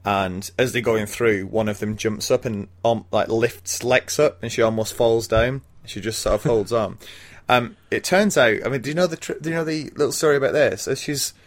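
A man's voice: medium pitch, normal speed. A man casually recapping a film plot for a podcast, rambling with ums and little laughs. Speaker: podcast co-host.

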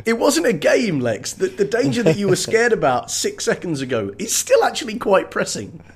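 A man co-hosting a podcast, jokey and animated, often slipping into silly voices. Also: high voice, normal speed, husky. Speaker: podcast co-host. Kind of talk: casual chat with comic commentary.

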